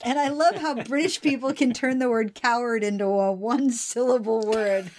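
A woman's voice: a little high, moderate pace, hardly any pauses. A woman co-hosting a casual film chat, retelling the plot and acting out lines in quoted voices. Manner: animated, acts out characters in quoted voices. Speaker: podcast co-host.

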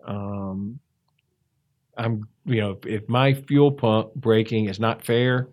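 A man telling his life story in a conversational interview, reflective and halting, with frequent restarts. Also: fairly low pitch, fairly even intonation, darkish tone. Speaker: interview guest.

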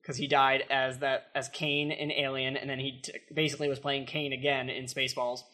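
A young man chatting casually about movies, quick and chatty with fillers. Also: mid-range voice, level tone, bright, forceful tone.

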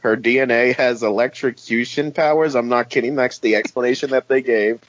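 A man's voice: mid-range voice, steady tone, brisk, no room sound. A man co-hosting a podcast, chatting casually about comics in a rambling, laughing way. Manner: rambling, laughing, breaks into goofy quoted voices. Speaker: podcast co-host. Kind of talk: casual comic-book chat. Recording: dull, slightly lo-fi sound.

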